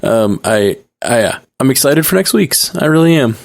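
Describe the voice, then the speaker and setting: A man's voice: medium pitch, sing-song, normal speed, creaky. A man co-hosting a podcast in casual chat, laughing often as he talks. He rambles and restarts his sentences before getting to the point. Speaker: podcast co-host.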